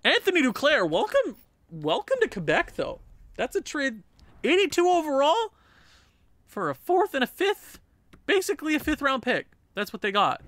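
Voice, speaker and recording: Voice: medium pitch, sing-song, normal speed, creaky, a bit bright, no echo. A gaming channel host giving casual, chatty gameplay commentary and laughing at their own jokes.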